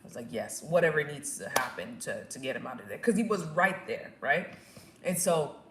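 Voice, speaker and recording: A young woman in her first years of motherhood, telling her own story in a casual, animated way and acting out what people said. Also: very deep voice, normal speed, a little hiss or hum. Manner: animated, acts out quotes and screams, laughs at herself. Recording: echoey room.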